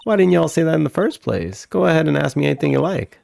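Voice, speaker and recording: Man doing loud folksy southern gal, drawling, raised pitch, gravelly, game read-along. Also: big pitch swings, slight background noise, exaggerated voice. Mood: sassy. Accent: American Southern drawl, put on. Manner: folksy, sassy, drawn-out. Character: brash young Southern woman photographer. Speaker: streamer reading game dialogue aloud.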